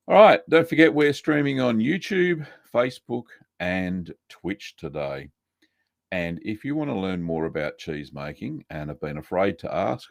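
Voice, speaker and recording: A man's voice: low-pitched, creaky, dry recording, studio quality. A middle-aged Australian man hosting a casual live stream, chatty and greeting viewers by name with plenty of fillers.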